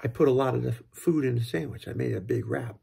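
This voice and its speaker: A man's voice: medium pitch, fast talker, gravelly, dark tone, husky. A man, a father, talking through parenting lessons in a casual, rambling, reflective monologue. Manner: rambling, thoughtful, full of fillers and restarts. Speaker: father sharing parenting tips.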